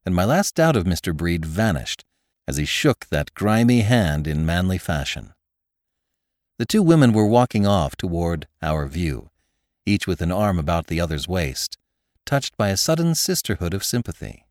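A man narrating a classic story as an audiobook host, with expressive storytelling. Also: low voice, normal speed, no echo, studio quality.

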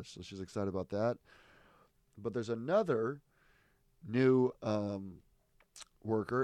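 A man's voice: on the low side, darkish tone, no echo, studio quality. A man chatting casually as a podcast co-host, telling stories in a rambling, amused way, restarting and interrupting himself. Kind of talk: casual chat.

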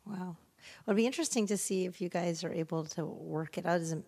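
A woman co-hosting a podcast in casual chat, teasing and quick to laugh. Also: fairly low pitch, warm tone. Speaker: podcast co-host.

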